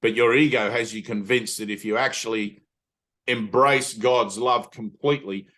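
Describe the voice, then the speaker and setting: A man's voice: fairly low pitch, fairly even intonation, normal speed, a bit bright. A middle-aged man giving an earnest spiritual teaching talk, emphatic, swearing casually, and often checking in with "right?". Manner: frequent "right?" tag questions.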